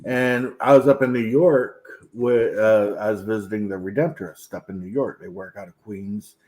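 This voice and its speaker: A man chatting casually as a guest, telling relaxed, conversational anecdotes. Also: on the low side, moderate pace. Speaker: podcast guest. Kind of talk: casual chat.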